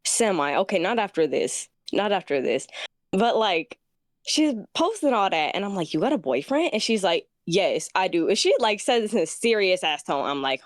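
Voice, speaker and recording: A woman caller telling a petty story about her exes to a streamer in an animated, casual way. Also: mid-range voice, moderate pace, dry recording, clean studio sound. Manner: animated, petty, acts out quotes. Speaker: caller asking for advice.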